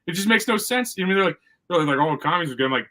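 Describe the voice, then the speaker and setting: Fast, bright-voiced blunt man. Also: high voice, animated, poor audio. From United States. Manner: blunt, mocking, full of "I mean" and "like". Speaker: podcast host. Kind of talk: casual podcast chat.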